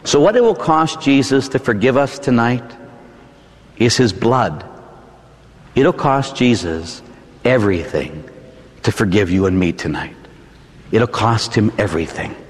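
A man, a Catholic priest, preaching a dramatic sermon that swings from hushed to shouting, in a church. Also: mid-range voice, lively intonation, measured pace, long pauses, long reverb tail.

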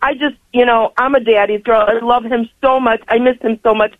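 A woman's voice: a little high, steady tone, brisk, no echo. An older woman calling in to a radio show, talking effusively in long, rambling stretches and laughing often. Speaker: caller. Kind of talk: call-in radio chat. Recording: tinny phone line.

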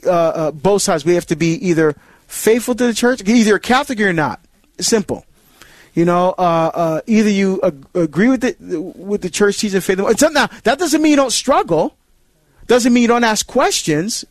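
A man hosting a call-in Catholic radio talk show, animated and halting, often repeating words as he goes. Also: sits high, dry recording.

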